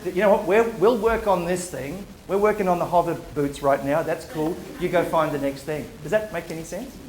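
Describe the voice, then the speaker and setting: High-voiced man in echoey hall. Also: a little mellow. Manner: playful, rapid rhetorical questions, joking asides. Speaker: public speaker. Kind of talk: live lecture to an audience. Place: university lecture hall. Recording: roomy hall echo.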